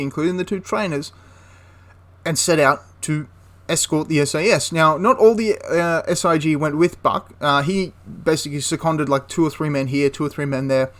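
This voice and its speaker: A man's voice: on the high side, fairly bright tone. A man casually retelling a wartime story for a history channel, rambling with frequent restarts and asides.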